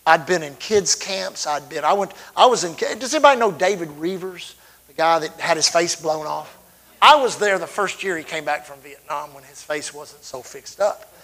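A man's voice: a little high, normal speed, sharp tone, low-quality recording. A middle-aged man from Texas, preaching a sermon as a fervent storyteller whose volume swells and drops suddenly.

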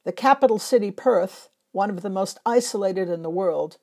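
Mellow-voiced woman narrating travel memoirs. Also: mid-range voice. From Northern Europe. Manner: measured, reflective storytelling. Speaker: travel photographer. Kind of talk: scripted first-person travel narration.

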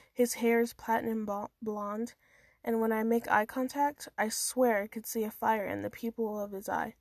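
A woman's voice: on the high side, a little mellow, no echo. A woman reading her own first-person story aloud in a casual amateur manner, with small stumbles and restarts.

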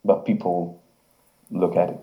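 Slow, halting man. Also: deep voice, little pitch movement, warm tone. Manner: halting, searching for words. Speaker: interviewer.

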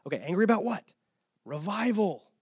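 A male pastor delivers a sermon in a casual, animated storytelling way, often checking in with the listeners. His voice sits fairly high and he sounds a bit tired from short sleep. The sound is dry and close, with no room reverb. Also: normal speed, breathy edge. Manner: animated storytelling, casual asides, repeated "okay?".

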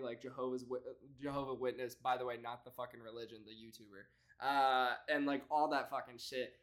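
A young man doing casual reaction commentary, profane and mocking with rapid-fire rants. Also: fairly high pitch, a little mellow.

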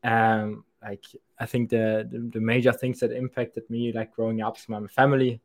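A man's voice: medium pitch, level tone, moderate pace, a little mellow. Stammering man with a thick German accent. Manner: stammering, restarts often, laughs easily. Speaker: podcast guest. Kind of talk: casual chat.

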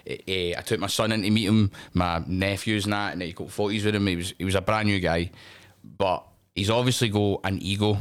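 A middle-aged man with a Scottish accent telling animated, sweary anecdotes in a casual chat. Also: low-pitched, brisk, clean tone. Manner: animated, swears freely, acts out voices in anecdotes. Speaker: wrestling promotion owner, podcast guest.

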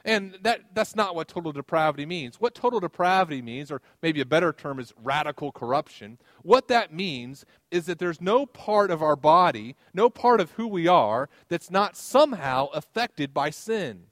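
A man preaches a sermon to his congregation, telling everyday stories with gentle humor. His voice sits somewhat high for a man and sounds close and dry, with little room echo. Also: animated, normal speed, hardly any pauses. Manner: conversational preaching with personal anecdotes and light humor. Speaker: pastor.

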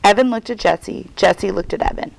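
A woman's voice: medium pitch, fairly quick, gravelly, no room sound, low-quality recording. A woman reading a children's novel aloud as a guest reader, telling it expressively. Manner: expressive storytelling.

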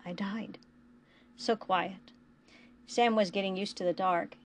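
A woman podcast host reading fan fiction aloud in a quiet, even storytelling manner. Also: mid-range voice, a little slow, a little hiss or hum.

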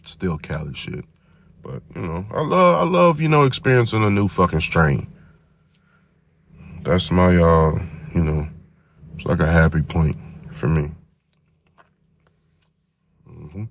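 A man hosting a podcast, talking in a profane, rambling, casual monologue full of drawn-out repetitions. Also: deep voice, animated, vocal fry, slight background noise. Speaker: podcast host.

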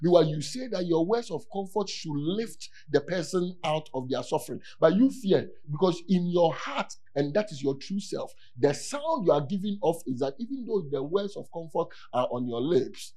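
A man preaching a sermon in an animated way, repeating key words and rising to near-shouts for emphasis. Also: a little high, normal speed, hardly any pauses.

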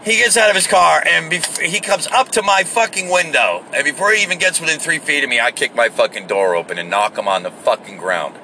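A man tells a rambling story full of swearing, with a bright, forceful voice that sits a little high for a man. He speaks casually and with animation, as if talking to a camera from inside a vehicle. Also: a little fast, few pauses, a little hiss or hum. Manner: profane, rambling, animated retelling.

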